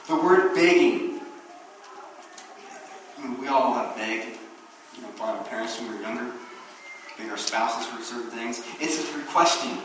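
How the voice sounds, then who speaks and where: A man preaching a sermon as pastor, animated and acting out the voices he quotes. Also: medium pitch, a little hiss or hum. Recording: very echoey room, distant mic.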